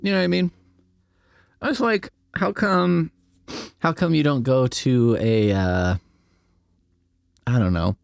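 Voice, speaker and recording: A man's voice: medium pitch, slow, gravelly, long pauses, smooth, no room sound, studio quality. A man hosting a comedy podcast, reading a script aloud and riffing with rambling, wry asides that trail off. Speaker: podcast host.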